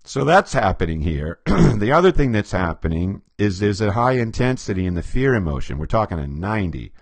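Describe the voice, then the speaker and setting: Animated low-voiced man explaining. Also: fairly quick, no echo. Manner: animated, acts out quotes, chuckles often. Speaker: behavior profiler. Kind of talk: storytelling explanation to camera.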